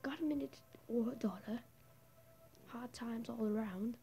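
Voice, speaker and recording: A woman's voice: a little high, measured pace, dark tone, rough recording. Woman putting on a taunting Australian drifter. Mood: mocking. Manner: mocking, drawling, mostly whispered. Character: grizzled homeless drifter man, taunting and unhinged. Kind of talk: voicing game dialogue aloud.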